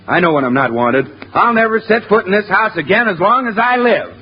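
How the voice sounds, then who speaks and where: A radio announcer man in a 1940s comedy, trading hammy, mock-sulking banter with a fairly high, lively voice. The broadcast sounds dull and old with a faint hiss. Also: fairly quick.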